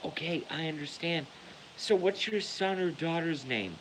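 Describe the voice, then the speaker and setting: A man's voice: a little high, measured pace, background noise, pitched above the performer's own voice, natural voice. A man putting on the voice of a condescending public school staff member. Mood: patronizing.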